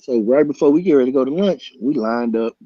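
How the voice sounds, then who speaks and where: A man telling a story loudly and excitably, acting out voices and punches with sound effects. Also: medium pitch, fast, breathy edge, no echo. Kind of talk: animated storytelling. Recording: dull lo-fi sound.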